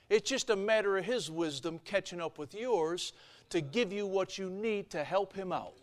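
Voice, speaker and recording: Animated, bright-voiced male preacher. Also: on the high side. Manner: animated storytelling, acting out characters, swinging from quiet to loud. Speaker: pastor. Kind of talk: sermon.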